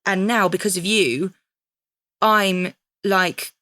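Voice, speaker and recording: A woman's voice: medium pitch, slow pace, sharp tone, dry recording. A woman in her thirties, talking frankly and reflectively about her teenage years and acting out her own past thoughts. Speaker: podcast guest. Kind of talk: candid conversational storytelling.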